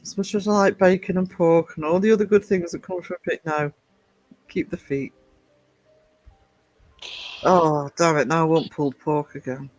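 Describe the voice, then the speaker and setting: High-pitched male co-host, blunt and joking, dry sound. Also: fairly even intonation, normal speed, pauses often, no echo, faint music behind, low-quality recording. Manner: blunt, joking, swears freely. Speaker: livestream co-host. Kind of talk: casual livestream chat.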